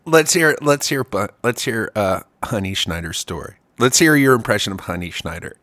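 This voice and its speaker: A man co-hosting a casual chat, telling stories in an animated, profane way. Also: on the low side, normal speed, no room sound. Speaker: podcast co-host.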